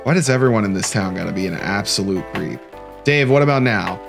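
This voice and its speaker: A man giving joking, animated commentary while playing a horror game, with the game's music faint behind him. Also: lowish voice, a little fast, vocal fry. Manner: joking, animated, often laughing. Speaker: let's play host. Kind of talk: playthrough commentary.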